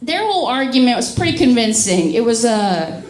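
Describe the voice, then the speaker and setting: A woman's voice: fairly high pitch, big pitch swings, moderate pace. A drunk woman from a small town in Mississippi, doing a bawdy, self-mocking stand-up set and laughing at her own jokes. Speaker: stand-up comedian. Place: comedy club stage with a live audience. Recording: echoey room with loud crowd laughter.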